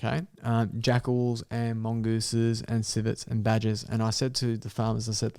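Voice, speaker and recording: A man's voice: lowish voice, normal speed, hardly any pauses, clear, resonant tone. A man, a podcast guest telling a wild story in casual chat, swearing freely and acting out the dialogue. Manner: animated storyteller, swears freely, laughs often, acts out dialogue.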